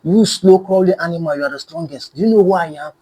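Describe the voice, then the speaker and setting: A man voicing a proud, bullying male elephant who shouts and mocks in a storybook folktale. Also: a little high, fast talker, breathy edge, voice pushed up. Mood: boastful. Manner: loud, shouting, mocking.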